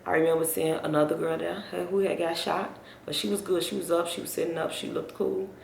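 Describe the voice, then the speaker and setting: A woman's voice: on the low side, fairly even intonation, fairly quick, vocal fry, slight background noise. A young woman telling a personal story on her vlog, rambling and talking straight to her viewers. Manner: rambling, addresses viewers directly. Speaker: vlogger. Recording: roomy echo.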